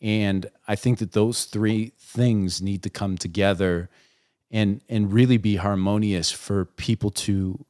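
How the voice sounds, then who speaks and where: A man's voice: on the low side, steady tone, unhurried, a little mellow, no room sound, studio quality. A man hosting a podcast interview, talking in a thoughtful and affirming way. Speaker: podcast host. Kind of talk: casual interview.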